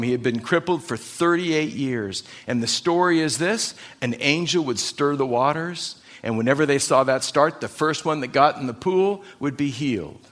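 A man preaching a sermon, retelling stories and acting out the quoted voices, slowing down on the key lines. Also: mid-range voice, fairly bright tone. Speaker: pastor.

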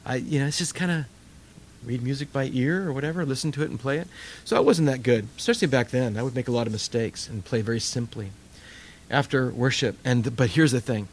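A man's voice: medium pitch, brisk, slight background noise. An older man preaching a sermon, telling stories animatedly and acting out voices. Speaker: pastor.

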